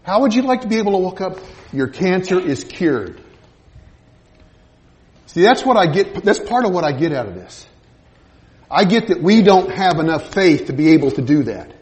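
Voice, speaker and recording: A male preacher delivers a sermon in a high voice. His pitch swings widely as he tells a Bible story like a scene, voicing each character in turn. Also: brisk. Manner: animated storytelling, acting out biblical scenes with quoted voices.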